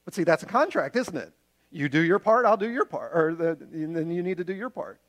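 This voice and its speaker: Guy with a high voice giving a sermon, earnest, chatty, talks to the congregation like friends. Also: animated, a little fast, a bit bright. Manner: earnest, conversational preaching with homely examples. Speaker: pastor.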